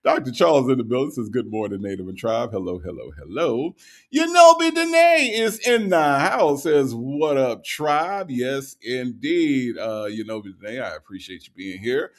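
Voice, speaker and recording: A man hosting a livestream, reading out viewer comments and greeting each viewer in a relaxed, casual way with lots of ums, a little tired from the night before. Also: medium pitch, moderate pace, few pauses. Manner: relaxed, greets viewers with repeated hellos, frequent ums and uhs.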